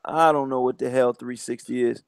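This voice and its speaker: A man's voice: mid-range voice, fairly even intonation, fairly quick, vocal fry, clear, resonant tone, dry recording, rough recording. A man hosting a casual live-stream chat, laid-back, often adding "you know what I mean". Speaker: host.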